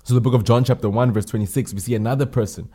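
Emphatic male preacher with a mellow voice. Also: medium pitch, steady tone, very fast, breathy edge. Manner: emphatic, repeats key phrases, asks rhetorical questions. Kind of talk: sermon.

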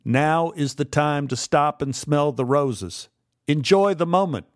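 A man voicing a cocky young male college actor who shouts and taunts with menace, his pitch pushed well up. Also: animated, a little slow, no echo, clean studio sound.

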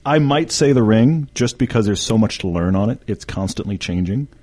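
A man chatting casually as a podcast guest, telling stories in an animated way. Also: on the low side. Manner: animated, quick storyteller. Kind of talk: casual chat.

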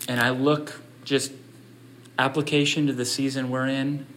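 Man, pastor, sermon, unhurried, bright tone, conversational storytelling, faint room ambience. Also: mid-range voice, level tone, slight background noise. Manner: conversational storytelling, rising emphatic appeals.

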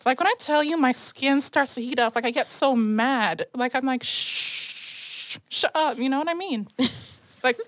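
A woman's voice: high-pitched, normal speed, dry recording, studio quality. A young woman co-hosting a podcast in casual chat, ranting emphatically and dramatically. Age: young adult. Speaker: podcast co-host.

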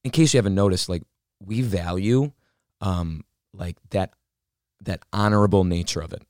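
A man co-hosting a casual fitness chat, earnest and measured, summing up his partner's points with many fillers. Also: low-pitched, darkish tone, no room sound, clean studio sound.

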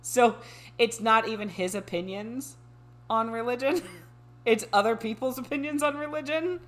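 A woman's voice: on the high side, normal speed. A woman reading a dating profile aloud and mocking it in casual podcast chat. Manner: sarcastic, mocking commentary with a flat reading voice.

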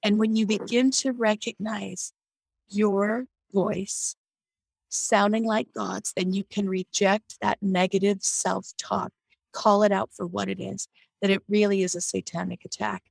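A woman's voice: medium pitch, flat delivery, measured pace, gravelly, dry recording, low-quality recording. A woman on a video call from her home, sharing her faith in an earnest, reflective way and often restarting her sentences. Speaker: guest on a faith discussion call. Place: home near an air base.

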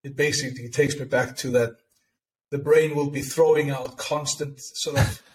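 A man co-hosting a podcast, explaining ideas in a measured, conversational way. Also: mid-range voice, steady tone, low-quality recording. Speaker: podcast co-host. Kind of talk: casual conversation. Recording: faint background noise and clicks.

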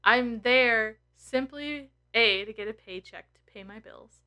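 Bright-voiced woman in her thirties, swearing freely. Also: fairly high pitch, a little slow. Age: 30s. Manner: emotional, blunt and heavy on swearing. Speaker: tarot content creator. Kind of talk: candid personal vlog.

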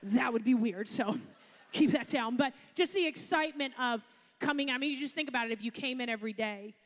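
A woman's voice: fairly high pitch, fairly quick, big-room sound. A woman pastor, preaching a sermon in a chatty storytelling way with asides.

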